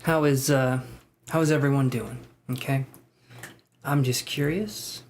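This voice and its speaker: A man's voice: mid-range voice, steady tone, measured pace, a little hiss or hum. A man hosting a live tarot reading stream, chatting casually, greeting viewers by name and joking about himself.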